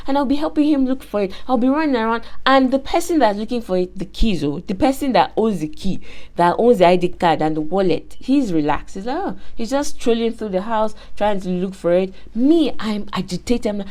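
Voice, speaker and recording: A woman's voice: a little high, moderate pace. A woman hosting a faith-based motivational talk, telling stories emphatically with lots of repetition. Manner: animated, emphatic storytelling with repetition. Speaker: host.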